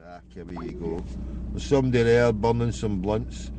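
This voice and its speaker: A man's voice: fairly low pitch, normal speed. A man with a Glaswegian Scottish accent, rambling and swearing in a mocking, casual monologue as he makes prank phone calls. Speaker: prank caller, show host. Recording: noisy background with car sounds.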